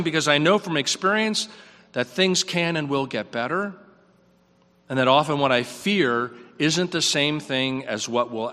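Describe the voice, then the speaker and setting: A man preaching a sermon in a reflective, earnest way, his voice rising on questions and dropping soft. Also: a little high, big-room sound.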